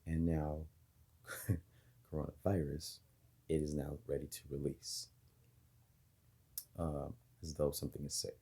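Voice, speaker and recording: A man with an extremely low, husky voice talks straight to his viewers in a loose monologue. His tone is dark and mellow, and he wanders from thought to thought, pausing on fillers and restarting sentences. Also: little pitch movement. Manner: rambling, speculative, many fillers and restarts. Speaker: video host. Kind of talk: casual monologue to camera.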